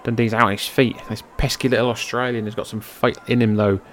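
An excitable man calls a wrestling match play by play into his own microphone, with a voice of ordinary pitch for a man. He drifts between quiet, offhand description and sudden loud, high-pitched shouts, and swears when things go wrong. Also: quick pace, slight background noise. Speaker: wrestling commentator. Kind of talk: amateur play-by-play commentary over old footage. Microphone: personal microphone.

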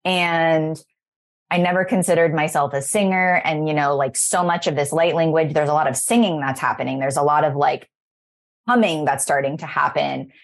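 A woman's voice: sits low, steady tone, normal speed. A woman in her thirties hosting a podcast, talking in an effusive, rambling and emotional way about spiritual growth. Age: 30s. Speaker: podcast host. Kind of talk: casual spiritual chat.

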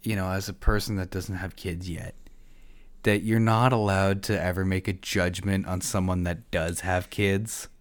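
A man's voice: low voice, little pitch movement, normal speed. A man hosting a podcast, chatting casually in a blunt manner and swearing freely. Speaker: podcast host. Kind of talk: casual chat.

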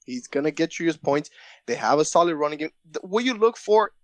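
A man's voice: a little high, animated, brisk, no echo. A young man co-hosting a podcast, chatting casually and jokingly, often repeating his words. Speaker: podcast co-host. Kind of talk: casual sports chat.

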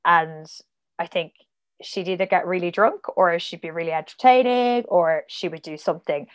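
A woman's voice: lowish voice, moderate pace, clear, resonant tone. A woman guest on a casual podcast, chatty and rambling, full of "like" and side tangents.

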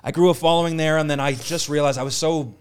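A man's voice: fairly high pitch, steady tone, fast, clear, resonant tone. A man from Canada, a comedian guest telling crude, jokey stories in casual podcast chat. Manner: crude, jokey storyteller who slips into impressions.

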